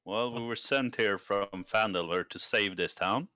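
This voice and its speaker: A man playing in a tabletop game, chatting casually in an excitable, enthusiastic way. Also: on the low side, normal speed, clean tone, no echo. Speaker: player. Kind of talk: casual gaming chat.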